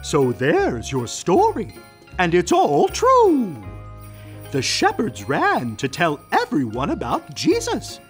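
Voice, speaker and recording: Gentle owl puppet for a kids' show, voiced by a woman, calm and unhurried, pitch that swoops widely, faint music behind. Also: exaggerated voice. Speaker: puppet sidekick.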